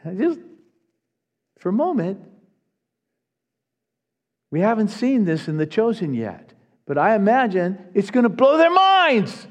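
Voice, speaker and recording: Casting note: male pastor with a high voice, emphatic and earnest delivery, sermon recorded in a big echoing sanctuary. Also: big pitch swings, unhurried, pauses often. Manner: emphatic, earnest preaching with repetitions. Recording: long reverb of a large hall.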